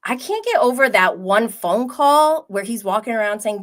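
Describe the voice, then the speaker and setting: A woman's voice: medium pitch, normal speed, few pauses. A young woman hosting a livestream, chatting casually and gossiping about reality TV, acting out what people said and swearing freely. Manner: gossipy, animated, swears freely, acts out quotes. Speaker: livestream host recapping reality TV.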